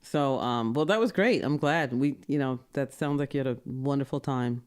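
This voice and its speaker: A woman's voice: a bass voice, normal speed, darkish tone. A middle-aged woman co-hosting a podcast, reacting and chatting casually with her daughter. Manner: reactive, amused, talks back and forth. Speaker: podcast co-host. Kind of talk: casual chat.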